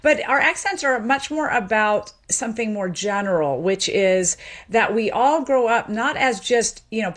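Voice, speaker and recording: A woman from the United States, a guest expert in an interview, explaining clearly with quick asides and frequent laughs. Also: medium pitch.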